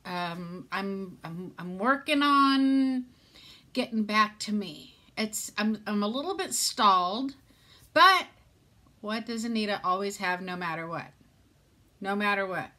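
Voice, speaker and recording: Talking slowly into a phone or camera from her seat at home, an older Southern California vlogger rambles and teases herself. Her medium-pitched voice is pushed and bright, with lively intonation.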